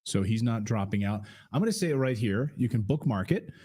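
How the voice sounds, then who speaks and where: A man's voice: fairly low pitch, expressive, fairly quick, dark tone, husky. A man hosting a casual political commentary stream, rambling, with frequent fillers and restarts.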